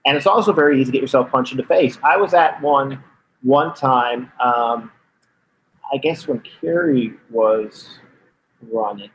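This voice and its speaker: A man from Canada, a comedian calling in as a guest, telling anecdotes in an animated way, laughing and slipping into voices. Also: mid-range voice, a little hiss or hum. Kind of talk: anecdotal storytelling. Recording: lo-fi phone-in line.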